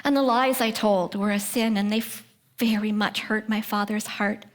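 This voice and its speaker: A middle-aged woman giving a personal faith testimony at a prayer breakfast. She speaks earnestly, often sinks to a hushed whisper, and puts questions straight to the audience. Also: medium pitch, steady tone, normal speed. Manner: addresses the audience directly with questions.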